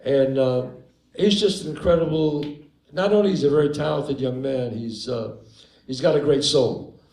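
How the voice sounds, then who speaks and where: An older man with a New York accent from the Bronx, telling an animated story on a theater stage and acting out the people in it. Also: mid-range voice, normal speed, creaky. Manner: animated raconteur, acts out the people in his stories. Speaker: guest actor on stage. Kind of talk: live onstage storytelling. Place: theater stage before an audience. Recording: roomy live venue with crowd.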